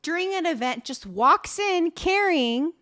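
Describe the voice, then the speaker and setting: A woman co-hosting a podcast, recapping a drama in casual chat, telling it with lively quoted asides. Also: very high voice. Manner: animated storytelling with quick quoted asides and laughs. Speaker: podcast co-host.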